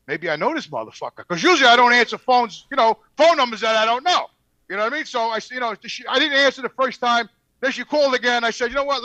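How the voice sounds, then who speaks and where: A man telling a story on a podcast, profane and excitable. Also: extremely high pitch, no echo. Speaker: podcast regular.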